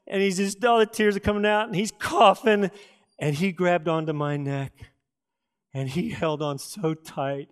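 A middle-aged man preaching a sermon from Texas, telling folksy stories with dramatic pauses and asides. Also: a little high, a bit bright, smooth. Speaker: pastor.

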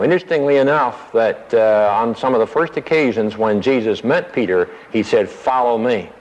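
A man's voice: medium pitch, expressive, normal speed, hardly any pauses. Man teaching the Bible over radio. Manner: acts out the disciples' lines in a raised, pleading voice. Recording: dull radio broadcast with long reverb.

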